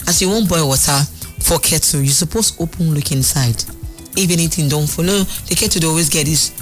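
A man's voice: on the high side, fairly quick, faint music behind. A man with a Nigerian accent in casual chat, chiming in with short replies and giving practical advice. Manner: chimes in with short replies and laughs, sometimes gives advice.

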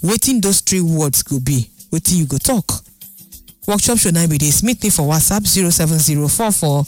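A radio host with a Nigerian accent on a call-in show, animated and fond of repeating numbers and phrases. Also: mid-range voice, moderate pace. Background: faint music.

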